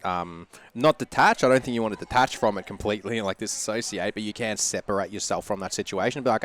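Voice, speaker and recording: Deep-voiced relaxed man as a podcast guest. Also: a little fast. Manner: relaxed, laughs easily, thoughtful. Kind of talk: casual conversational interview.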